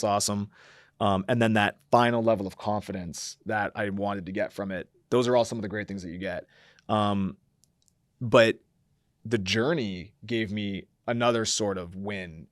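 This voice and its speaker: A man's voice: on the low side, no echo, clean studio sound. A man talking as a podcast guest, reflecting at length with many fillers and acting out his own quoted thoughts. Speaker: podcast guest, company founder. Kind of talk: reflective conversational interview.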